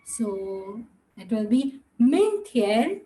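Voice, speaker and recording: Slow, high-voiced woman teaching Mandarin. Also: very animated, warm tone, poor audio. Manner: slow, drawn-out model pronunciation with repeat-after-me drills; switches into Hindi and Gujarati asides. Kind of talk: online language lesson.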